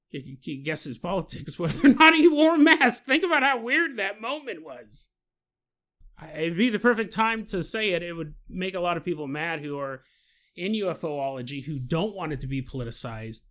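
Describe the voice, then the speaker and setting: A man hosting a podcast, telling a story in a chatty, animated way with laughs and asides. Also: fairly high pitch. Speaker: podcast host. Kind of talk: casual storytelling monologue.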